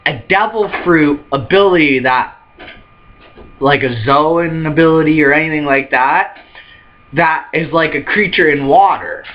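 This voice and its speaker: Host reading a manga chapter live: high, lively, unhurried man, excitable, lo-fi sound. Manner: excitable, laughs often, reads lines aloud in quick put-on voices. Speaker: manga reaction channel host.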